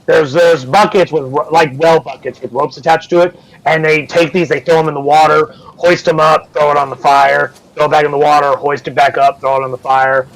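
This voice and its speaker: A man's voice: fairly high pitch, little pitch movement, a little fast, poor audio. A man running a tabletop game as game master, narrating casually and swearing freely. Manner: casual, swears freely, acts out crew voices.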